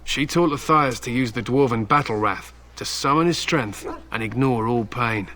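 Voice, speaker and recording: A proud, stern warrior from a video game, played by a man, with a bright, forceful edge to his voice. He speaks solemnly of old legends and turns blunt and threatening without raising his tone. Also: medium pitch, moderate pace, natural voice. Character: stern proud male warrior, hound handler.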